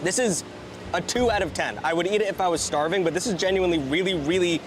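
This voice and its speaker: Fast, blunt man reviewing food. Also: sits high, noisy background. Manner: blunt, profane, jokey. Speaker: food reviewer in a played video. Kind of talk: casual food review vlog.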